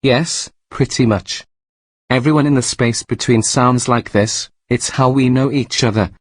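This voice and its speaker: A man voicing a polite, calm otherworldly male announcer with tentacles, in a mock interview. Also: medium pitch, measured pace, no room sound, close to an everyday voice. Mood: matter-of-fact. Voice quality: calm, matter-of-fact, courteous. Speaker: birthday announcer.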